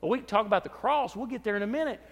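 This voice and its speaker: A man preaching a sermon as pastor, swinging between loud emphatic phrases and soft, low asides. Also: racing, gravelly, in a large hall. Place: church.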